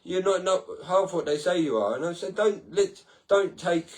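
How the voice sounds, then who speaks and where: A man's voice: sits high, expressive, moderate pace. A man hosting a casual podcast-style livestream, talking in a rambling, sweary way and laughing at his own stories. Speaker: livestream host.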